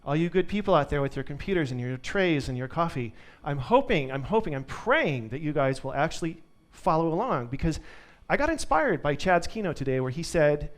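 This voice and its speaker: A man's voice: on the high side, expressive, a little fast, few pauses. A man giving a live conference tech talk to an audience, upbeat and joking. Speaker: conference speaker.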